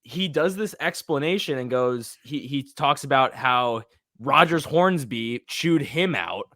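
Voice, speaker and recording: A man guesting on a casual podcast, an enthusiastic storyteller with a lively pitch that swings up and down. His voice is bright, and the recording is dry and close. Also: unhurried, no room sound.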